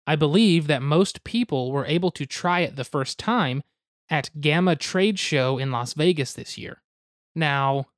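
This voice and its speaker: A man's voice: on the high side, no room sound, clean studio sound. A young man hosting a podcast, explaining a card game step by step with goofy asides and hedges. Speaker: podcast host explaining board games.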